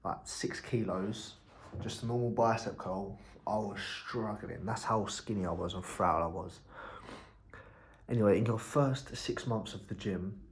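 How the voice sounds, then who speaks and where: Brief: young entrepreneur, low-ish voice, loose rambling vlog talk, blunt with casual swearing. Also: male voice, a little slow. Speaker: entrepreneur vlogger.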